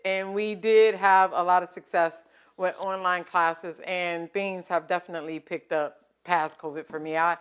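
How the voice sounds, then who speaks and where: Woman chef hosting a chat, lively storyteller, laughs a lot, voice jumps around when she acts stuff out. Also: fairly low pitch, moderate pace, clear, resonant tone. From American South. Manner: animated storytelling, laughs often. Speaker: chef and interview host. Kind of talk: casual interview chat.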